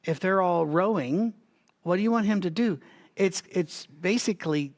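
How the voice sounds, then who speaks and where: Leading a Bible study at normal speed, a man with a high voice teaches conversationally, reasoning aloud with restarts and side comments. He has a recurring cough that breaks in from time to time.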